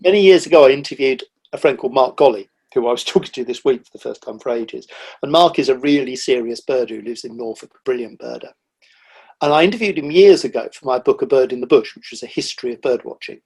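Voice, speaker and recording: A middle-aged man, a guest on a podcast, telling animated stories about the wildlife he sees, with lively quoted asides. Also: medium pitch, fast, slightly rough. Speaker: guest, nature writer. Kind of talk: casual conversational interview.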